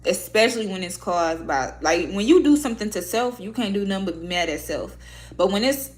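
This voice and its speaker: A woman's voice: medium pitch, animated, fairly quick. A woman vlogger chatting candidly with viewers, blunt and heavy on profanity, talking emotionally about herself. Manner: emotional, heartfelt. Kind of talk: casual candid chat to viewers.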